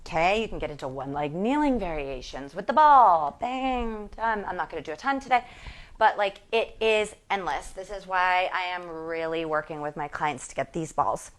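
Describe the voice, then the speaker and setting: Chatty woman coaching while exercising. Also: fairly low pitch. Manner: chatty, self-deprecating, talks while exercising. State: strained from exertion. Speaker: fitness instructor. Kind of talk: exercise demonstration with chatty asides.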